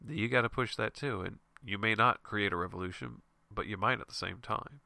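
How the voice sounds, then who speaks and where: A man's voice: lowish voice, brisk, vocal fry, bright, forceful tone, dry recording. Nasal-voiced man with a head cold. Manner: loose, rambling and frank, with laughs and mild swearing. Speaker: show host and comic artist. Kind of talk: casual motivational monologue.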